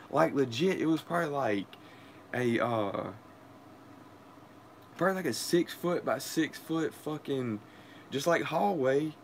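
A young vlogger with a medium-pitched voice tells a crude, profane story in casual chat, laughing often. A little hiss or hum sits in the recording.

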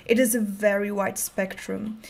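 A woman's voice: mid-range voice, little pitch movement, measured pace, gravelly. A young adult woman giving a prepared conference talk, speaking in a careful, controlled way with occasional stutters on sounds.

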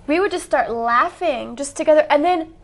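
A young woman in casual studio chat, co-hosting a student show. Her voice is high, and she tells stories in a bubbly, eager way. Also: moderate pace. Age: young adult.

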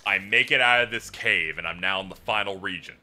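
A man livestreaming and chatting casually about a game, telling it as an animated story with swearing and laughter. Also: sits low, fairly quick. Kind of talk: casual gameplay chat.

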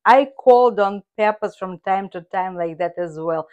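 A woman teaching Russian, explaining words slowly and carefully in English. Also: mid-range voice, darkish tone, lo-fi sound.

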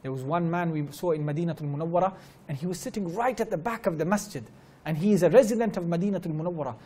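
A man's voice: on the high side, racing, a little mellow, husky. Man giving an earnest religious lecture. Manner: earnest storytelling, repeats key phrases, fluent Arabic recitation. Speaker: Islamic teacher giving a talk. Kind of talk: religious lecture with Arabic recitation. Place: lecture gathering at a teaching centre.

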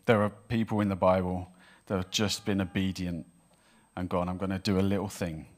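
A man preaching a sermon in church, telling a Bible story in an animated way and acting out the voices of the people in it. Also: low voice, fairly quick. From Wales. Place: church hall with congregation.

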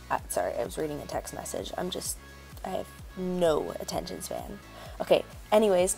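A woman's voice: lowish voice, vocal fry. A woman chatting casually as she narrates a makeup tutorial, rambling with lots of fillers. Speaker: beauty vlogger.

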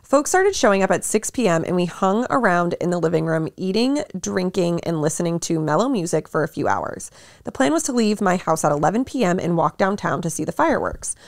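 A woman's voice: on the low side, a little fast, gravelly, dry recording, studio quality. A young woman co-hosting a podcast, chatting casually and reading a listener's post aloud. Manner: animated, laughing often, lots of likes. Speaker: podcast co-host.

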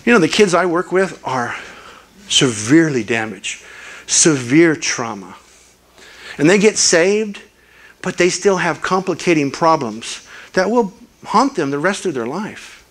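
An older man preaches at a church, his voice sitting high for a man. He tells stories earnestly and slips into lively voices for the people he quotes. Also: measured pace. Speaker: guest preacher. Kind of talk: sermon.

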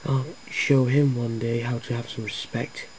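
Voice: mid-range voice, normal speed, heavy background noise, close to an everyday voice. A narrator voicing an old, kind but proud male tank engine who grumbles about being disrespected. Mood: grumbling. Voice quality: grumbling, resentful. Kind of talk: amateur storybook voice acting.

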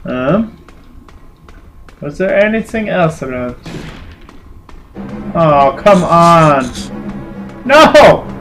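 A young man commenting on a video game he is playing, swearing and yelling at it in an irritable mood. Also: a little high, very slow, pauses often, soft background music. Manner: excitable, swearing, shouting at the game. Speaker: gaming channel host. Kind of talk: casual let's-play commentary.

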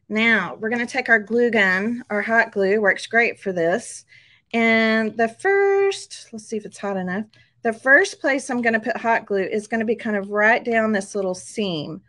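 A woman's voice: a little high, fairly bright tone. A chatty, upbeat middle-aged woman walks viewers through a craft project at her table. She talks casually, keeps checking in with them, and laughs easily between steps. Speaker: craft tutorial host.

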